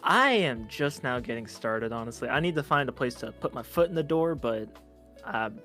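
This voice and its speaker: A man's voice: mid-range voice, lively intonation, normal speed, sharp tone. Male podcast guest, casual chat, modest and a little hesitant, faint music in the background. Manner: modest, a bit hesitant, with restarts. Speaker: guest, aspiring voice actor.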